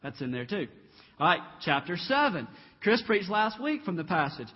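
A man preaching a lively sermon, acting out the voices in the Bible stories as he retells them. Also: high-pitched, normal speed, husky. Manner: animated storytelling, acts out Bible voices. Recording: dull reverberant hall.

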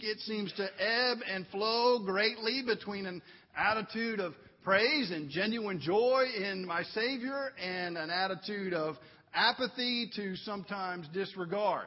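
A man's voice: high-pitched, big-room sound, muffled recording. A man preaching a sermon as pastor in a church, earnest and building to fervent emphasis. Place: church sanctuary.

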